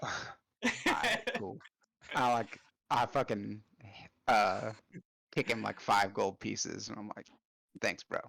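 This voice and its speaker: A man's voice: fairly low pitch, slow pace, gravelly, fairly bright tone, no room sound. A man playing a tabletop game, slangy and profane. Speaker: player. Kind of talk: casual tabletop play.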